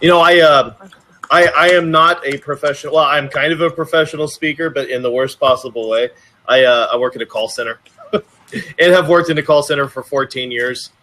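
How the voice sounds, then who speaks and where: A man's voice: fairly high pitch, fairly quick, bright, forceful tone. A man calling in online, talking casually in a hesitant, apologetic way. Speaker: caller. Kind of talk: casual chat.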